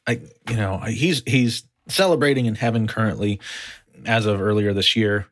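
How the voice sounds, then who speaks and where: A man's voice: lowish voice, moderate pace. A man teaching a conversational Bible study on a podcast, explaining animatedly and often restarting his sentences. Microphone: podcast microphone.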